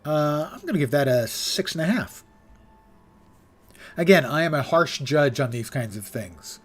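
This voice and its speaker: A man's voice: a little high, lively intonation, a little slow, breathy edge. An older man giving wry, rambling live-stream commentary on a game, swearing casually and saying he is losing his voice.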